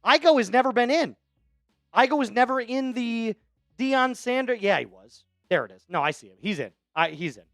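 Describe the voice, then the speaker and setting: Gravelly high-voiced hype streamer man. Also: lively intonation, normal speed, no echo, clean studio sound, faint music behind. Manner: hyped, shouting out chat donors. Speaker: livestream host. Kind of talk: live sports play-by-play stream.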